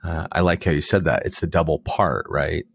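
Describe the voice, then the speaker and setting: A man's voice: rumbling low, expressive, moderate pace, gravelly, husky, dry recording. Guy in his 30s explaining ideas thoughtfully, voice swings up and down a lot, dry sound. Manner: thoughtful, storytelling, emphatic asides. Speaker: podcast guest. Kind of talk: reflective conversational explanation.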